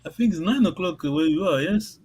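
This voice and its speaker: Man, high voice, language teacher, halting and repetitive, video call. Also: animated, darkish tone, slight background noise, rough recording. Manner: patient, halting, repeats words and laughs often. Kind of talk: online language class.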